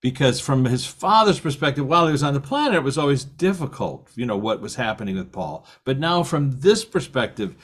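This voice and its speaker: A man's voice: mid-range voice, very animated, brisk, few pauses, breathy edge. Older male podcast host, rambling storyteller, laughs often. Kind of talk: casual conversation.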